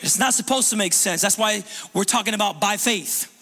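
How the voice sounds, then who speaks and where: A man preaching a sermon in a church, conversational and animated, with lots of restarts and casual fillers. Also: high voice, a little fast. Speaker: pastor. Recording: long reverb of a large room.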